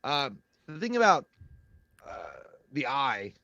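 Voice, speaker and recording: A man's voice: medium pitch, big pitch swings, slow, pushed and bright, no echo, muffled recording. A man co-hosting a casual movie review show, talking crudely and rambling with lots of fillers and restarts. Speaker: podcast co-host.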